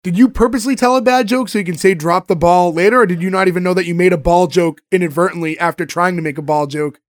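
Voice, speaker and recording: A man hosting a casual podcast chat, retelling sitcom scenes and acting out the lines in quick quoted voices. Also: high-pitched, steady tone, no room sound, clean studio sound. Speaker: podcast host recapping a sitcom episode.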